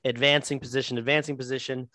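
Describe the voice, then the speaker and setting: A man talking casually on a podcast, rambling and restarting his sentences, with plenty of swearing. His voice sits at an average pitch and is recorded dry and close, with no room sound. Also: flat delivery, sharp tone, no echo. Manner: rambling, profane, halting restarts. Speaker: podcast co-host.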